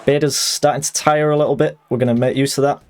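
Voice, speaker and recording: A man chatting excitably and jokily while streaming a fighting game live. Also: mid-range voice, quick pace, a little hiss or hum. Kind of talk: live gaming commentary.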